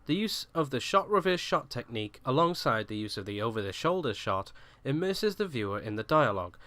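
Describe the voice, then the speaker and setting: Bright-voiced man narrating a video essay. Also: mid-range voice, fairly quick, no echo. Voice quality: reading from a script, even and formal.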